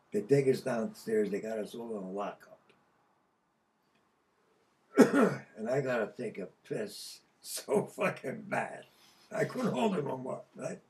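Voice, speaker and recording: An older man from Connecticut telling a story casually, profane and animated, laughing mid-sentence. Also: medium pitch, recorded from a distance. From Connecticut, USA. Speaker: podcast guest.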